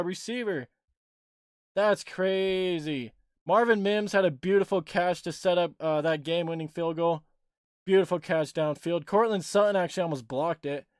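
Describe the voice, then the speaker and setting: A young man hosting a casual livestream, rambling excitedly about a game he just watched and swearing casually. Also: high voice, smooth, no echo, studio quality. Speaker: livestream host and sports fan.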